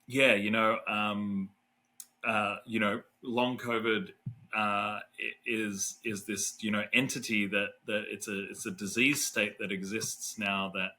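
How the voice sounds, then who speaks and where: A man's voice: lowish voice, little pitch movement, measured pace, pushed and bright, poor audio. A middle-aged Australian man, a neuroscientist guest, tells a story in a casual, rambling way with lots of fillers and restarts.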